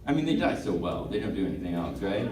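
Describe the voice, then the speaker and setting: A male stand-up comedian doing a set, excitable and rambling, laughing at his own jokes. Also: deep voice, fast talker, crowd noise. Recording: echoey room from far off.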